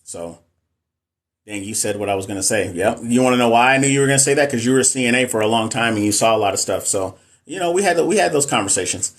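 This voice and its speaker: A man's voice: mid-range voice, fast. A middle-aged man, a nurse and NCLEX coach, chatting casually on a live stream and answering viewer comments in a frank, emphatic way.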